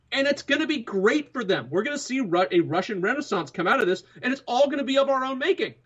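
A man's voice: high voice, a bit bright, slightly rough, dull audio. A man co-hosting a political talk show who lays out a long, emphatic argument. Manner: emphatic, building an argument at length. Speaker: co-host.

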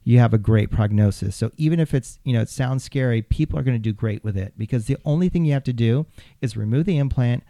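Male podcast host, surgeon, warm dark tone, dry close sound, easygoing and jokey. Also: mid-range voice, fast, no echo. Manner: relaxed explaining, filler-heavy, jokey. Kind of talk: casual podcast chat.

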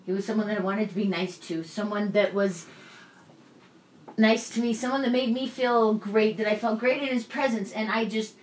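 A woman candidly telling a personal story in casual conversation, animated and swearing freely. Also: medium pitch, moderate pace, a little hiss or hum. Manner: animated, acts out quoted voices, swears freely.

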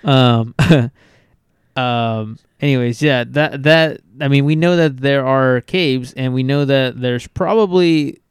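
A man's voice: mid-range voice, slow pace, clean tone, no room sound. A man co-hosting a podcast in casual chat, rambling and swearing with lots of restarts. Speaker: podcast co-host.

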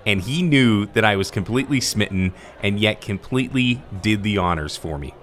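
A man's voice: fairly low pitch, animated, moderate pace, a bit bright, slight background noise. A man hosting a podcast, looking back on favourite interviews in an enthusiastic, conversational way. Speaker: podcast host. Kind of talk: reflective show narration.

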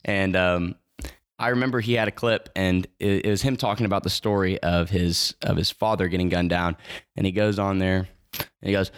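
A young man explains things plainly and earnestly as a podcast guest. His voice is on the low side. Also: steady tone, moderate pace, clear, resonant tone. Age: young adult. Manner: earnest, matter-of-fact. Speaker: guest, university mascot performer. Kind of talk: casual podcast interview.

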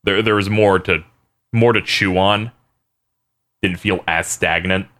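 A man with a bright, forceful voice chats loosely about an animated show with friends. He jokes, swears freely and drops into quick impressions of characters, keeping things relaxed and irreverent. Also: sits low. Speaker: podcast co-host. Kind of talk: casual chat reviewing a show.

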